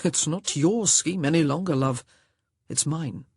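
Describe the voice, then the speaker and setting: A woman voicing a self-assured roguish gentleman, speaking in a dry, sardonic, clipped way in an audiobook. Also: deep voice, a little slow, slightly rough, dry recording, exaggerated voice. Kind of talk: audiobook character voice.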